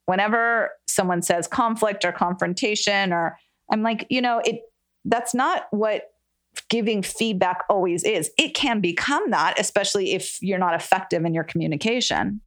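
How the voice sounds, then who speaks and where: A woman co-hosting a casual chat, chatty and quick with short agreements. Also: mid-range voice, lively intonation, a bit bright. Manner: chatty, backchannels often. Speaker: podcast co-host.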